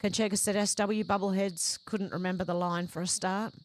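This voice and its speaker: A woman's voice: medium pitch, steady tone, fairly quick. A woman hosting a livestream, reading out viewers' chat comments one after another and adding short conversational reactions of her own. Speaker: livestream host.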